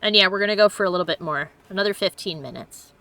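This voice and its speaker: A woman's voice: medium pitch, fast talker, bright, forceful tone, faint music behind. A woman hosting a let's play, chatting casually and giggling as she plays. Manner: chatty and giggly, exclaims often. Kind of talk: casual gameplay commentary.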